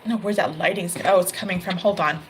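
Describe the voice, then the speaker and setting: A woman's voice: on the low side, fast, slight background noise, low-quality recording. A woman giving a casual tarot reading, chatty, laughing often and correcting herself mid-sentence. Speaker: tarot reader. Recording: card shuffling and clicks behind voice.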